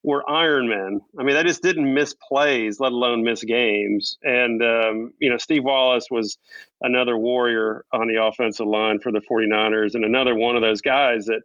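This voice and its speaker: A man's voice: medium pitch, fairly even intonation, moderate pace, fairly bright tone, dry recording, highs cut off. A man co-hosting a casual sports podcast, talking in a playful, teasing way and laughing often. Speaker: podcast co-host.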